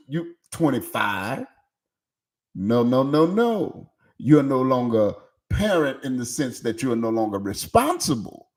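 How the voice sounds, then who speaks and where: A middle-aged man, a pastor preaching an energetic sermon. He speaks emphatically and keeps asking the congregation questions. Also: medium pitch. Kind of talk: energetic sermon with call-and-response. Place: church sanctuary.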